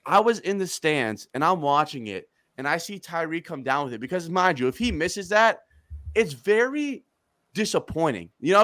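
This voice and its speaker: A man in his thirties hosting a casual sports chat, excitable and animated, breaking into quick bursts of excitement. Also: high voice, no echo, clean studio sound. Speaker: podcast host.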